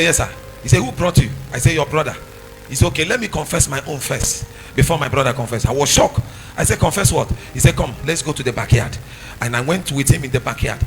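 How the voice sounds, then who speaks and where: A young man preaching, telling a testimony and building from quiet talk to sung, shouted phrases. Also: fairly high pitch, vocal fry, low-quality recording. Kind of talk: sermon testimony.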